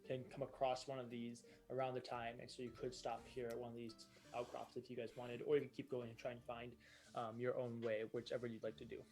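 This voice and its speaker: This is a man narrating as game master, describing the landscape in a loose, meandering way full of fillers and self-corrections. His voice is warm and mellow, with faint music underneath. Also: medium pitch, monotone, fast. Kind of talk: improvised narration of a tabletop game.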